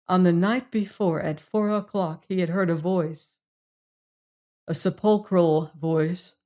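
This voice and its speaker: A woman reading a classic mystery story aloud as an audiobook narrator, in a measured style. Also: lowish voice, darkish tone. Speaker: audiobook reader.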